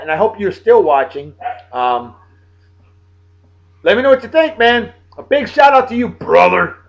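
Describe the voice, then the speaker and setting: Lively, high-voiced man giving chatty shout-outs. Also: highs cut off. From Massachusetts. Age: late 30s. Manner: chatty, playful, hearty. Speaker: video blog host. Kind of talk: casual birthday shout-outs to camera.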